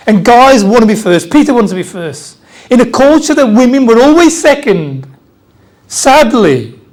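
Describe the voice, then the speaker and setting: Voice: medium pitch, a little mellow. An Australian preacher giving an Easter sermon in a church, conversational, repeating key phrases and joking with the congregation.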